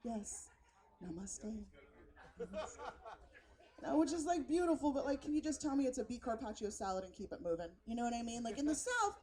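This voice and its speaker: A woman stand-up comedian from San Francisco, telling stories in a brash, profane, animated way on a live stage. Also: sits high, fast talker, few pauses.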